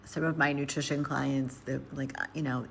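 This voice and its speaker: A woman with a very low, gravelly voice rambles chattily to her viewers while tending plants indoors, talking through each step. Steady noise hums underneath her voice throughout. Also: normal speed. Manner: chatty, rambling, thinks aloud while working. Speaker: hydroponic gardener and nutrition coach. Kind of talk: casual live chat to viewers. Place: indoor grow room.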